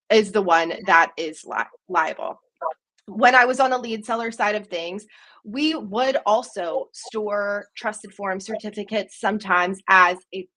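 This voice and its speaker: A woman hosting an online business webinar with a steady, mid-range voice. She reads out audience questions and answers them in a clear, organized way, with only the occasional um. She sounds like a professional presenter with a question-and-answer session to run. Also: medium pitch, low-quality recording. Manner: fluent, organized, with occasional ums. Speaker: sales director hosting a webinar.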